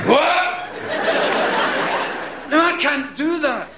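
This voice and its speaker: A man doing stand-up, telling a profane story in an animated way and shouting out impressions. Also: very high voice, slow pace, long pauses, very noisy. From Scotland. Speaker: stand-up comedian. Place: large theatre stage. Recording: echoey live theatre with loud crowd.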